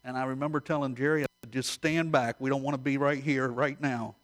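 A man preaching a sermon, retelling stories with animated, direct address to his listeners. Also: medium pitch, fairly quick.

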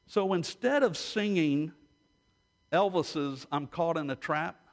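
A man's voice: fairly high pitch, slow pace. A middle-aged man pastor giving an emphatic sermon, repeating key lines for emphasis.

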